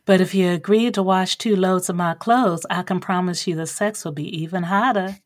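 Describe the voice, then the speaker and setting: A woman's voice: on the low side, fairly even intonation, moderate pace, no echo, natural voice. A woman putting on a sweet teasing Texas drawl. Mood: teasing, flirty. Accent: Southern US (Texas).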